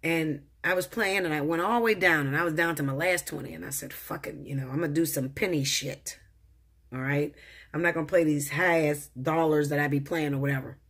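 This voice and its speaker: A woman's voice: low-pitched, a little fast, breathy edge. A woman talking as a tarot reader in a casual monologue, blunt and profane, speaking straight to the viewer. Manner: profane, blunt, animated, addresses viewer directly.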